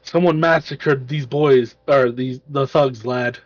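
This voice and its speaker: A man putting on a gruff hearty dwarf. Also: mid-range voice, steady tone, slow pace, highs cut off, natural voice. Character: gruff male dwarf ranger with a bear.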